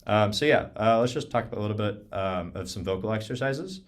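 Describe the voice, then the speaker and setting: A young man giving a relaxed online clarinet lesson, talking casually with lots of "um" and "like". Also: lowish voice, fairly quick. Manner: relaxed, many fillers like "um" and "like". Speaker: clarinet teacher. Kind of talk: casual online clinic talk. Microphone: video call.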